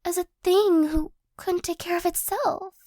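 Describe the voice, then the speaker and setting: Very high slow voice, woman doing an ex-girlfriend saying sorry, halting, nervous little laughs, asmr roleplay. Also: steady tone, dark tone, dry recording. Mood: apologetic. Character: remorseful young ex-girlfriend, gentle and apologetic. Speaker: ASMR role-play performer. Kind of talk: ASMR role-play.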